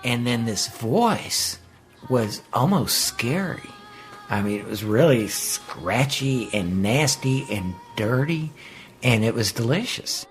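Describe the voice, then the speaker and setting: A man of middling pitch tells a memory for a radio documentary, savoring each detail vividly. Faint music runs beneath his voice. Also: expressive, slow. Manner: vivid, relishing storytelling. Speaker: interviewee. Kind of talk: recalled storytelling in interview.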